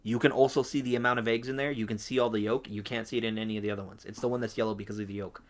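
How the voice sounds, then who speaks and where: A young man tells a work story on a casual podcast, animated and quick to slip into quoted voices for the people in it. He talks into a home podcast mic. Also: on the low side. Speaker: podcast co-host.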